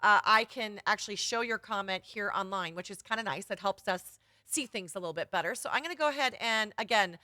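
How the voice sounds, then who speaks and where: A woman's voice: mid-range voice, brisk, few pauses, pushed and bright, no room sound, studio quality. A woman photography business coach giving an upbeat, chatty live-streamed workshop.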